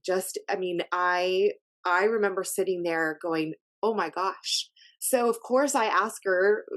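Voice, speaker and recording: Middle-aged woman, casual guest, talks through fillers and restarts. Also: fairly low pitch. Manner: chatty, many fillers and restarts. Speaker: podcast guest, health coach. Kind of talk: casual interview chat.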